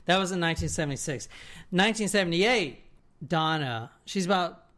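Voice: mid-range voice, expressive, fairly quick, a bit bright. Rambling, profane casual storyteller. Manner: rambling, profane, keeps checking in with "right?". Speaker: podcast co-host telling a story.

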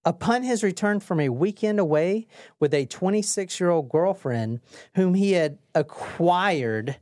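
A man's voice: high voice, animated, measured pace, darkish tone, dry recording, studio quality. A man hosting a casual true-crime podcast, reading out case notes and joking with his co-hosts. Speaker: podcast host.

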